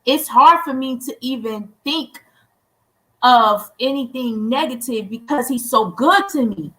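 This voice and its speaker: Earnest high-voiced woman guest. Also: lively intonation, measured pace, sharp tone, rough recording. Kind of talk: casual live-stream chat.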